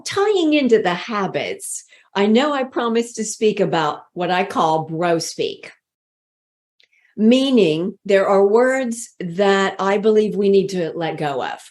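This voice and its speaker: A woman leadership speaking coach giving a motivational workshop talk in a deliberate, inviting way. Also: medium pitch, darkish tone. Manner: slow, deliberate, inviting delivery.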